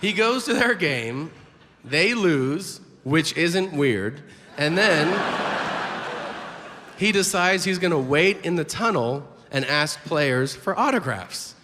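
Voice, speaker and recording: A man doing stand-up with mock-philosophical, deadpan setups. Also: on the high side, slow pace. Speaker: stand-up comedian. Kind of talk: stand-up comedy set. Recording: reverberant live room with noise.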